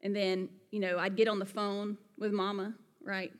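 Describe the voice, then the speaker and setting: A woman's voice: mid-range voice, little pitch movement, moderate pace. A woman from Alabama with a Southern accent, preaching a sermon in an earnest, conversational way with folksy asides. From Alabama, USA. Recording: long hall reverb.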